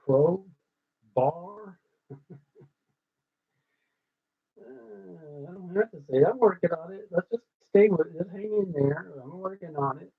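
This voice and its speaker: A man hosting his own show, ad-libbing and thinking out loud as he tries rhyming lines, swinging between loud and hushed. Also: high-pitched, slow pace, vocal fry, pauses often, husky. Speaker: host working out rhymes. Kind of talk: ad-libbed musing monologue. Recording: tinny phone-like sound.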